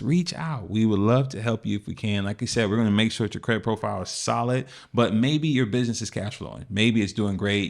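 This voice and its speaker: A man with a very deep voice and a gravelly fry hosts a casual finance podcast. He talks loosely and rambles, with plenty of fillers. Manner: laid-back, rambling with fillers. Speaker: podcast co-host. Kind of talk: casual business podcast chat.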